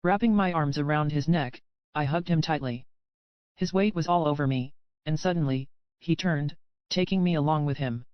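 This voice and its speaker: A woman narrating a first-person romance audiobook in a steady storytelling manner, heard as dry, slightly dull audio. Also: sits low, normal speed, no echo.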